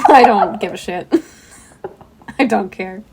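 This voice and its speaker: A woman's voice: medium pitch, slow, crowd noise, low-quality recording. A woman co-hosting a casual podcast, wry and teasing, laughing often as she talks. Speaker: podcast co-host. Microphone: headset.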